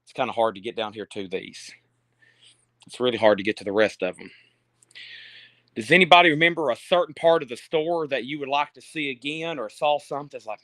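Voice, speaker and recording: Man, casual sales patter, reads titles and prices, phone mic, close dry sound, forceful tone. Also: medium pitch, expressive, a little fast, no echo. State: out of breath. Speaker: store seller on a live sale stream. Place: indoor store. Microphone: handheld phone.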